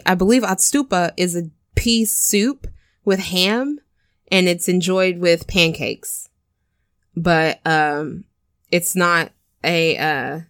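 A woman with a slightly low voice retells a film's plot for a podcast, loose and chatty. She bounces into the characters' lines as she goes. The recording is dry and close, with no room sound. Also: dry recording. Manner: animated, acts out characters' lines with cursing and laughs. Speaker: podcast co-host retelling a film. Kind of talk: casual chat.

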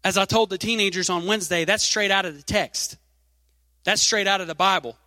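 Guy preaching a sermon, high bright voice, punchy emphasis, long hall reverb tail. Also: a little fast. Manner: reads scripture aloud, leans hard on key phrases, emphatic.

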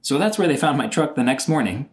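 Middle-aged guy telling a wild story, super animated, voice jumps all over, kinda exasperated. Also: a little high, fast talker. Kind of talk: personal storytelling monologue.

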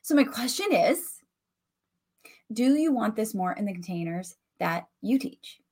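A woman's voice: medium pitch, animated, a little slow, darkish tone, slightly rough. A woman with a Southern US country accent hosting a casual solo podcast, talking directly and animatedly to her listeners. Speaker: podcast host and coach. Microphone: voice message recording.

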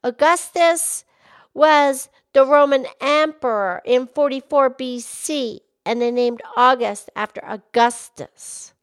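A woman voices a cheerful, excitable young pig who hosts a children's podcast. She speaks slowly in a high pitch, breaking into eager bursts of excitement.

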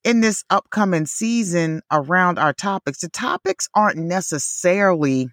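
A woman's voice: lowish voice, lively intonation, moderate pace, no echo, studio quality. A woman co-hosting a podcast in casual chat, full of "like" and "you know", laughing often. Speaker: podcast co-host.

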